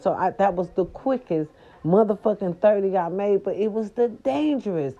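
An older woman telling a story to her viewers in a casual, animated, profane way, with speech. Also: mid-range voice, moderate pace. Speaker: storyteller vlogger. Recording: dull lo-fi recording.

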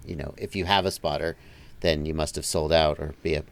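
A man's voice: rumbling low, fairly even intonation, brisk, vocal fry. A man being interviewed as a guest, telling stories in an easygoing, chatty way with many fillers. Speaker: interview guest, drone video creator. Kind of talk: casual conversational storytelling.

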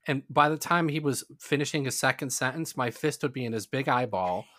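A man co-hosting a casual podcast, telling crude, animated stories. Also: mid-range voice, fairly quick, dry recording, studio quality. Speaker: podcast co-host. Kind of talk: casual chat.

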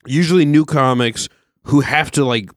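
A man's voice: mid-range voice, normal speed, no echo, studio quality. A young man who is a stand-up comic and podcast host, chatting casually, joking and swearing as he tells stories. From Southern California. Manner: swearing, joking, animated storytelling. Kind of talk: casual chat.

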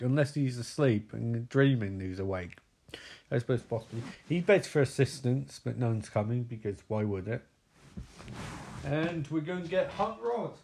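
A man recapping a film in a crude, sarcastic comedic manner. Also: medium pitch. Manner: crude, sarcastic, laughing asides.

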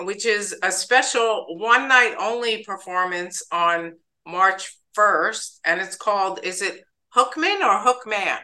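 Podcast host, woman, upbeat chatty delivery, bright tone. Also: mid-range voice, rough recording. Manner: chatty, upbeat, stumbles over names. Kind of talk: casual interview.

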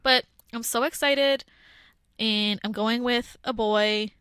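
A woman's voice: a little high, fairly even intonation, slow pace, a bit bright, smooth, dry recording, clean studio sound. A young woman co-hosting a radio show, chatty and giggly, gushing about her life. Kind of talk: casual on-air banter. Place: radio studio. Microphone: studio mic.

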